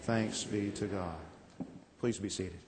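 A pastor in his forties preaches in a church sanctuary, where the big room leaves a long echo. His voice is lowish and darkish, slow and fairly even in intonation, as he reads scripture and tells folksy stories laced with self-deprecating jokes.

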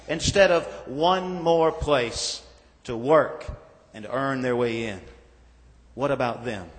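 A male pastor preaching a sermon, slow and measured, stressing lists of words with falling endings. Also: a little high. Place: church sanctuary. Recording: reverberant church sanctuary.

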